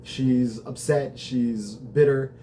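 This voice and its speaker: A man's voice: medium pitch, steady tone, slow, mellow, slight background noise. A man hosting a show, casually recapping a TV episode in a conversational, reflective way, with the odd swear word.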